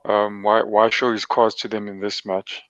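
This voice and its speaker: A man on a football podcast giving his view hesitantly, with many pauses and ums. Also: lowish voice, level tone, a bit bright, dry recording. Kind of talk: casual football chat. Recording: dull lo-fi call audio, dry.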